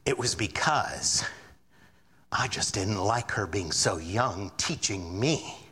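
A man's voice: lowish voice, slow, husky, big-room sound. A man preaching a sermon as pastor, acting out the voices of doubters and worriers as he goes. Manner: animated preaching, acts out quoted doubters.

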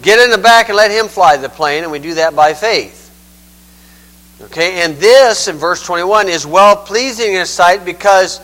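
A man's voice: on the high side, fairly bright tone, low-quality recording. A man giving a conversational Bible teaching, folksy and digressive, often saying "okay".

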